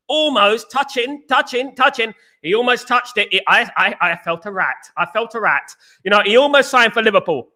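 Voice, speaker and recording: High bright-voiced English man hosting. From England. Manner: animated, repeats phrases, greets chat viewers. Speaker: host. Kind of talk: live-stream football chat.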